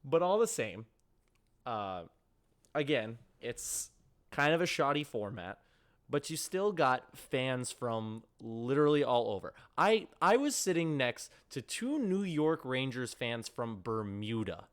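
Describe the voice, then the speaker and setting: A man with a northern US accent hosts a solo sports rant. His voice is smooth and resonant, and his pitch sits in the middle of a man's range. He talks in a chatty, rambling way and keeps tossing in quick asides. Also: very animated. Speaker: podcast host.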